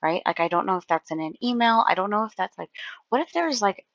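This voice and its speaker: A woman's voice: medium pitch, expressive, fast talker, a bit bright, dry recording, muffled recording. A woman giving casual reaction commentary, rambling and exasperated, with lots of filler words. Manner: rambling, exasperated, heavy use of "like".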